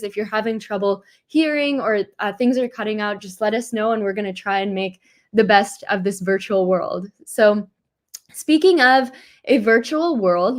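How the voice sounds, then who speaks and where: A young woman from the United States giving a chatty, encouraging webinar talk over a video call. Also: a little high. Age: young adult. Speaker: workshop speaker.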